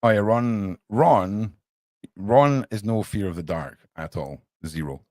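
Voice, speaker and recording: Animated man hosting a live stream. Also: lowish voice, slow, no echo. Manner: animated, swears casually, addresses chat as mate. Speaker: livestream podcast host. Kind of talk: casual live-stream chat with viewers.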